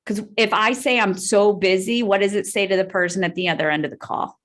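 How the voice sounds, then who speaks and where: A woman's voice: medium pitch, fast talker, a bit bright. A woman leading a live real estate training call, upbeat and peppering the group with "right?" as she talks.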